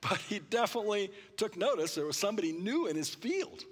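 A male pastor delivers an expository sermon with a somewhat high voice for a man. He keeps checking in with his listeners and often pauses to clear his throat. His words ring out with the long reverb of a church hall. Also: big pitch swings. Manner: expository preaching with congregation call-and-response.

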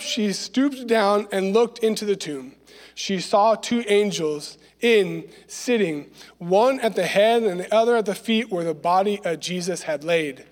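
High-voiced man teaching a Bible lesson. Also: long reverb tail. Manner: conversational, frequent "right?" check-ins. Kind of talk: Bible lesson with scripture reading.

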